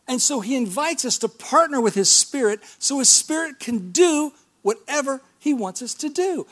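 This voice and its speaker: A man's voice: very high-pitched, lively intonation, moderate pace, few pauses. A middle-aged male pastor preaching a sermon in a church, talking in a conversational way with rhetorical questions and calls of amen.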